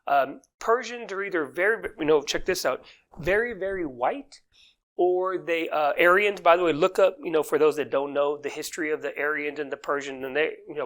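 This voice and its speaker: A man hosting an unscripted comedy business news show, rambling and interrupting himself as he riffs. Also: a little high. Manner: rambling, animated, self-interrupting. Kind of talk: freestyle comedic commentary.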